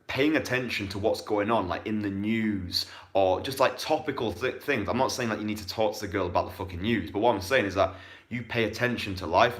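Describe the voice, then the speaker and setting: Blunt low-voiced male dating coach. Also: fairly bright tone. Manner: blunt and profane, with bursts of fast talk. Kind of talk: casual coaching monologue.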